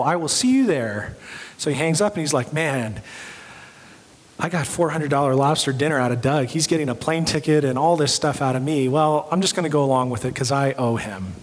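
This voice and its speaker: A young adult pastor with a fairly high voice preaches fairly quickly, telling stories in his sermon and acting out the quoted voices. Long hall reverb is audible.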